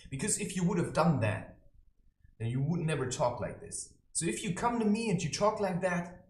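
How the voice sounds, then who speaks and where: A man holds forth in a preachy, mocking monologue, with a tone that swings widely and theatrically. He talks to camera from his own room. The room adds a clear echo to his voice. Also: high voice, lively intonation, moderate pace. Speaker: self-styled spiritual advisor. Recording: roomy echo.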